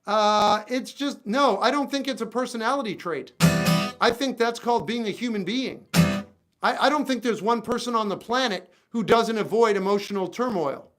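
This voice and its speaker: High-pitched guy on a guitar livestream, reading chat and firing back dry snarky asides, guitar loud in the background. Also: normal speed. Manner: wry, talks back to chat, exasperated asides. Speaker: livestream musician. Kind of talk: casual livestream chat reading viewer comments. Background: acoustic guitar playing.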